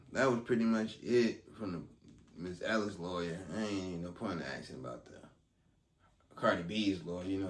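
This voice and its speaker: A man with a low voice talks through events in a casual, rambling way, leaning on ums. He sits back from the mic, so the room rings around him. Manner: loose and conversational, full of ums. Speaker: vlogger recapping a court trial. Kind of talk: casual commentary. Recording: roomy sound, distant from mic.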